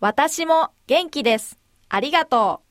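A woman modeling phrases for a language lesson, saying each slowly and with careful articulation. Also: sits high, animated, no room sound, studio quality. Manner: deliberate, clearly articulated. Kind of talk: slow, careful demonstration phrases.

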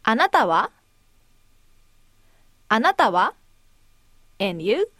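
A woman modeling phrases for a language lesson, saying each slowly and with careful articulation. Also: a little high, sing-song, a bit bright, no echo, clean studio sound. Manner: deliberate, clearly articulated. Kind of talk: slow, careful demonstration phrases.

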